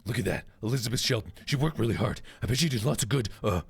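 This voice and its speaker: Man doing a deep gravelly film-buff dad, blunt, clipped, gruff game dialogue. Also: lively intonation, fast talker, heavily acted. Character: gruff adult male film buff, blunt and tough-talking. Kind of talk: game dialogue read aloud.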